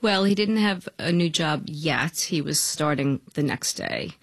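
A woman, widow of a victim, telling her story in an urgent, rushed way. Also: sits low, expressive, no room sound, studio quality. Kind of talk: emotional interview testimony.

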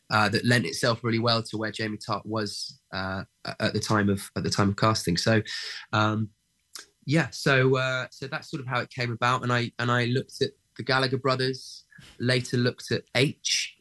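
A young actor, a guest in a casual interview, pausing often with fillers and restarts as he thinks aloud. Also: medium pitch, fairly bright tone, low-quality recording. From England. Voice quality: many fillers and restarts, thoughtful.

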